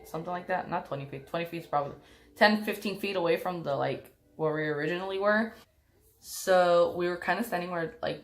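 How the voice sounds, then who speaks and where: A young woman casually telling a personal story to her viewers, rambling with lots of fillers and restarts. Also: deep voice.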